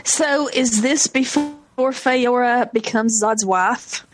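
Slow-talking woman in casual chat. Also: fairly high pitch, over music. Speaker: podcast co-host.

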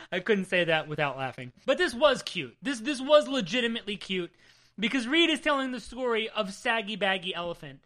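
A woman's voice: mid-range voice, moderate pace. A woman co-hosting a podcast, recapping a comic in casual chat, swearing often and laughing as she goes. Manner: swears a lot, animated and laughing. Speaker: podcast co-host.

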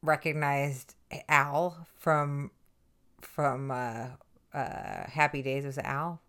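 A woman's voice: deep voice, steady tone, slow, a bit bright. A woman co-hosting a casual podcast who rambles, trails off mid-thought and laughs easily. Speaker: podcast co-host. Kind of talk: casual chat.

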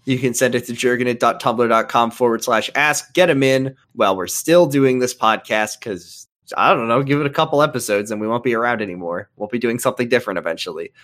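Excitable, swearing male podcast host. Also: mid-range voice, brisk, few pauses. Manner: excitable, swearing, animated outbursts. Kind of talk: casual comedic chat.

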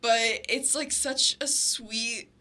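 A woman's voice: on the high side, fairly even intonation, slow pace, bright, forceful tone, slight background noise. A young woman from the American South, gushing about shows in casual chat. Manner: enthusiastic, gushing.

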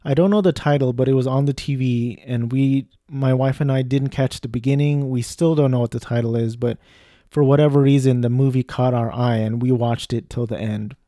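A man with a mellow, dark voice rambles through a casual monologue and drifts off topic. He is recorded close in a dry, dead room. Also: medium pitch, steady tone, brisk, no room sound. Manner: digressive, lots of fillers and restarts.

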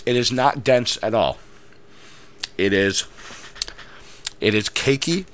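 A man chatting casually, reviewing a donut and telling a story in a measured, patient way. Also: mid-range voice, a bit bright, slight background noise. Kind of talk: casual chat, food review.

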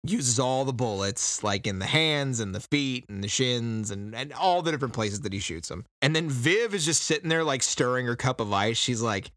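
On a podcast, a man sarcastically recaps a book in casual chat, mocking the characters with put-on voices. His voice is medium in pitch and moderate in pace with few pauses, recorded dry in studio quality.

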